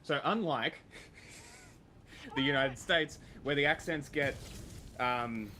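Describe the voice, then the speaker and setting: A man's voice: on the high side, big pitch swings, takes it slowly, bright, forceful tone. An Australian man chatting casually on a livestream, laughing often, swearing and rambling. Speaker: livestream host.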